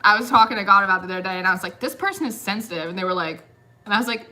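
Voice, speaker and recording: A woman's voice: mid-range voice, lively intonation, a little fast, pauses often, pushed and bright. A young woman reading tarot in a casual, chatty way, giggling often and filling her talk with "like". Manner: chatty, giggly, uses lots of fillers. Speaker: tarot reader.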